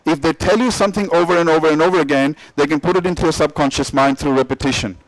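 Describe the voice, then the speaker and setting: A middle-aged man with a high-pitched voice gives a motivational talk, driving his points home through repetition and questions to the room. The sound is close and dry, with almost no room reflection. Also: fast talker, no echo, poor audio. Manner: emphatic, repetitive, asks the audience questions. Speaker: motivational speaker.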